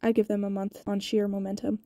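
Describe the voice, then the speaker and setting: A woman voicing a cold, calculating young male gang leader in a storybook reading, calm, dry and taunting. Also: mid-range voice, a little fast, no echo, natural voice. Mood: cool.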